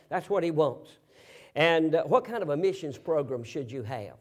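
A man preaching a sermon, telling a story in a folksy way, asking rhetorical questions and bursting into loud, emphatic shouts. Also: on the high side, animated, moderate pace.

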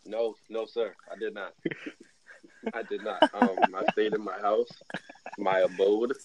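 A man's voice: on the low side, sing-song, a little slow, creaky, over a noisy crowd. A man chatting casually as a podcast co-host, laid-back and wry, often trailing off with ums. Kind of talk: casual chat. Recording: dull lo-fi sound.

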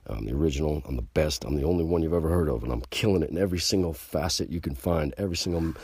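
A man hosting a podcast, delivering a brash, boastful and profane rant that gets louder and higher when he is worked up. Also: very fast, slightly rough. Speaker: podcast host. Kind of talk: ranting podcast monologue.

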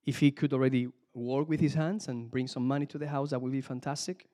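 Preacher man giving a lively sermon. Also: medium pitch, fast talker. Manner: animated, exclamations of hallelujah, some restarts.

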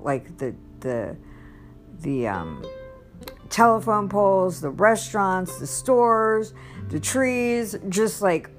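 A woman's voice: low-pitched, a bit bright. A woman telling her personal testimony in a casual, rambling way, with many restarts and bursts of laughter. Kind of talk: casual storytelling.

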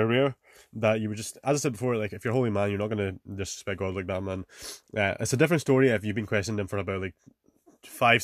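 A man's voice: on the low side, no room sound, studio quality. A young man hosting a casual advice monologue, talking loosely with lots of fillers, the odd swear and "man" tacked onto his sentences. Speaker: podcast host.

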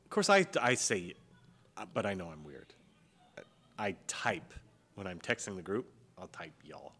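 A young man in casual conversation, animated and profane, peppering his talk with "like". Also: low-pitched, a little slow, slightly rough. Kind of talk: casual chat.

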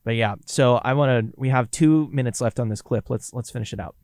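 A man's voice: medium pitch, a little fast, background noise. A man from Kansas with a Kansas accent, co-hosting a radio recap in casual, rambling chat with easy laughs. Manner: chatty, laughs easily, rambling restarts. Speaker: radio co-host and producer.

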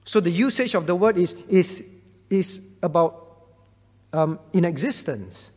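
A man's voice: high voice, animated, a little slow. A male pastor teaching through Bible questions, repeating key phrases and checking in with listeners. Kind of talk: teaching Q&A talk. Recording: long reverb hall.

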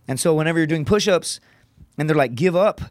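This man talks fast and swears constantly as he tells a hard story from his past. His voice sits a little high for a man. The recording is close and dry, with no room sound behind him. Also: dry recording. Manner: profane, rapid, animated storytelling. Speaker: guest comedian, former Marine. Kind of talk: casual podcast storytelling.

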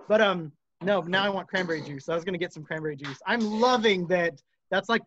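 A man's voice: sits high, fairly quick, a bit bright, dull audio, slight background noise. A man from the United States, a musician guest, rambling through stories in a casual interview and laughing often.

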